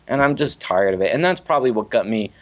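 A man with a fairly low voice tells stories as a podcast guest, animated and emphatic, swearing casually. The recording is dull and lo-fi. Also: fast. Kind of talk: casual storytelling interview. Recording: dull lo-fi audio.

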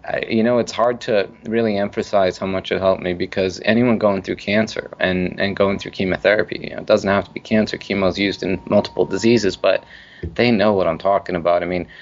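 A man guest on a podcast, telling stories in a casual, animated way, swearing freely and acting out the voices of people he quotes. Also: low voice. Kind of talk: casual storytelling interview. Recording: dull lo-fi audio.

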